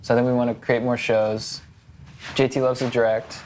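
A male guest talking casually and rambling a little, often restarting what he says. His pitch is in the middle range, with faint noise in the background. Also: level tone, normal speed, a little mellow. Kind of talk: casual chat.

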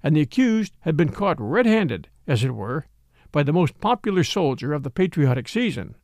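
A man narrating a mystery story aloud in an expressive storytelling style. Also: on the high side, moderate pace, dry recording, clean studio sound. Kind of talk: scripted audiobook narration.

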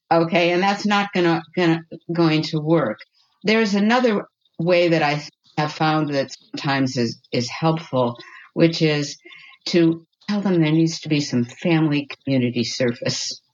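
A woman's voice: sits low, muffled recording. A woman guest on a podcast giving parenting advice in an earnest, reassuring way, often checking in with "okay?". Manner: earnest, reassuring, tags points with "okay?" and "you know what?".

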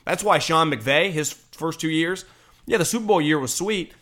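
A man talking casually about football, animated, swearing now and then and acting out quotes. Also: a little high, moderate pace. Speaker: sports talk show host. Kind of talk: casual sports chat.

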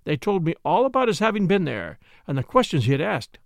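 A man's voice: high-pitched, big pitch swings, a little fast, gravelly, no room sound, clean studio sound, exaggerated voice. A man voicing an earnest, defiant young woman who pleads insistently in an audiobook reading.

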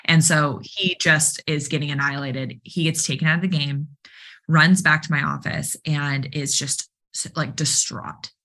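A woman coach telling a story in conversation, animated and full of fillers, acting out the dialogue she quotes. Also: deep voice, moderate pace. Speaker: guest, mental performance coach for baseball players.

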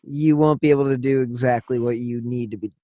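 A man's voice: mid-range voice, fairly even intonation, brisk, warm tone, no echo, lo-fi sound. A man hosting a podcast, chatting casually in a blunt, profane, ranting way. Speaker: podcast host. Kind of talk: casual interview chat.

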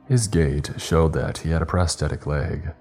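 Guy telling a spooky story, super deep dark voice, faint music behind. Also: moderate pace, slightly rough. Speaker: narrator. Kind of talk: first-person horror story narration.

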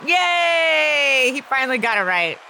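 A woman's voice: high voice, very animated, slow pace, pushed and bright, slight background noise. A woman co-hosting a podcast, bubbly and enthusiastic, who giggles often in casual chat. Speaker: podcast co-host.

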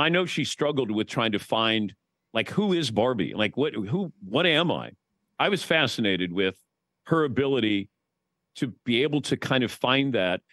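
Lively storytelling man, bouncy pitch. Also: no room sound. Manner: storytelling, lively, swears casually. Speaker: guest. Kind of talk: casual podcast chat.

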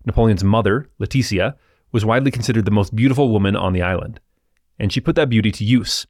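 A man hosting a history podcast, narrating in a relaxed, explanatory way with asides to the listener. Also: fairly low pitch, fast talker, no echo, studio quality.

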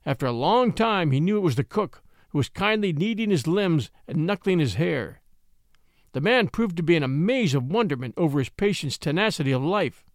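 A man's voice: a little high, expressive, normal speed, no echo, studio quality. A man narrating a classic short story aloud and hosting a story podcast, reading dramatically. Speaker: audiobook narrator and podcast host.

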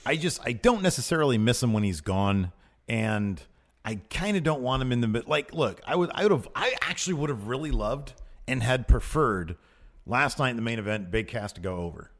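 Lively, rambling wrestling-talk guy. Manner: animated, rambling, quick swings in pitch. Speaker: podcast co-host. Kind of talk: casual wrestling chat.

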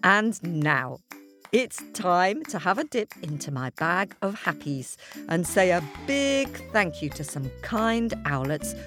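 A woman's voice: on the low side, big pitch swings, takes it slowly, fairly bright tone. A woman hosting a children's podcast who chats playfully with young listeners. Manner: chatty, playful. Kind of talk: friendly outro chat to young listeners. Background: music.

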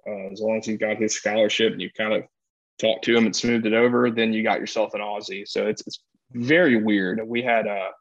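A man's voice: fairly low pitch, fairly even intonation, a little fast, dry recording, highs cut off. A man co-hosting a casual sports podcast, rambling and restarting often, laughing easily. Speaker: podcast co-host, former player.

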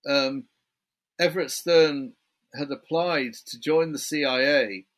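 A man's voice: fairly high pitch, takes it slowly, a bit bright. A British man, an author guest in a remote interview, chatty and building his story point by point. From Britain.

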